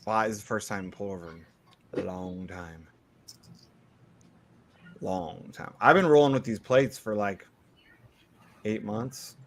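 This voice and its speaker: A man's voice: on the low side, measured pace, long pauses. A man in casual chat, telling a story with lots of swearing and acting out what people said. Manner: profane, animated, acts out quotes.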